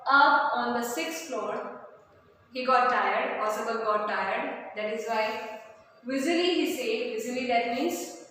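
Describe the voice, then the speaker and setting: A woman teacher goes through a story line by line, pausing to explain words with fillers and repeats. Her voice sits a little high and her pace is very unhurried. She is heard from a distance in a roomy, echoing space with a faint hiss behind. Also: fairly bright tone. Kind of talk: explaining a textbook chapter. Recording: echoey room from far off, faint noise.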